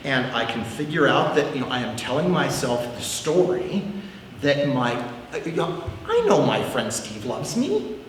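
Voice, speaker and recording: A man's voice: mid-range voice, sing-song, unhurried, recorded from a distance, slight background noise. A man teaching a prayer class in a candid, self-deprecating way, often repeating words as he thinks. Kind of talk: informal teaching talk. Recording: echoey hall, long reverb.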